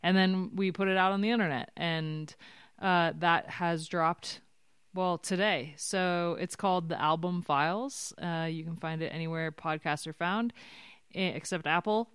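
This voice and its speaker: A woman guest on a podcast, chatting casually and excitably, laughing often. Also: on the low side, unhurried, clear, resonant tone, dry recording, clean studio sound. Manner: animated, excitable, frequent laughs.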